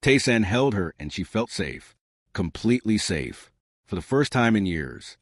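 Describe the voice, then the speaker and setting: A man narrating a scripted story in a measured, plain way. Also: on the low side, very animated, dry recording, clean studio sound.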